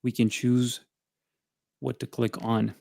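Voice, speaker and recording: A man's voice: mid-range voice, slow pace, vocal fry, no echo, clean studio sound. Breathless man chatting between pushups. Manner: animated storyteller, acts out quoted dialogue. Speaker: podcast co-host. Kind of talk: casual chat during a pushup livestream.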